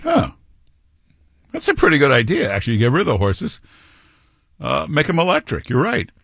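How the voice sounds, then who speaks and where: A man's voice: on the high side, wildly swooping pitch, moderate pace, gravelly, a bit bright, slightly rough, dry recording, clean studio sound. A man hosting talk radio, chatting casually about local politics with lots of asides and restarts.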